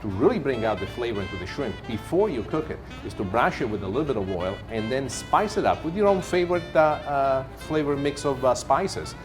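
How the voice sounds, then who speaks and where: Animated Italian-accented chef over music. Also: male voice, mid-range voice, a little fast, few pauses. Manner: playful, theatrical, self-mocking. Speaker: TV chef host. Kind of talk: cooking demonstration. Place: TV kitchen set. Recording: music playing under the voice.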